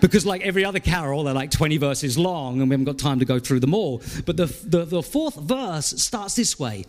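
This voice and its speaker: A male pastor preaching a sermon in a conversational, animated way, asking the congregation questions. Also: fairly high pitch, fairly quick. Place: church.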